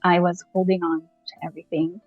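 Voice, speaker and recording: A woman from Canada, a podcast guest, telling a personal story in a lively, casual way and laughing often as she goes. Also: on the low side, a little fast, no room sound, narrow, tinny audio, faint music behind.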